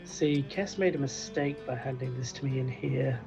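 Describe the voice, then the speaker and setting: A man playing a tabletop game and describing his actions in a dry, deliberate way. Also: medium pitch, gravelly, warm tone. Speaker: player. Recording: dull call audio with faint music.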